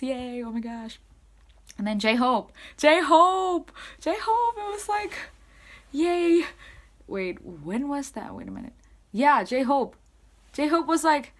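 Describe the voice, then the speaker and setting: A young woman vlogger chatting casually and excitably, full of fillers, swinging between loud squeals and soft asides. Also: medium pitch. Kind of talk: casual fan recap to camera.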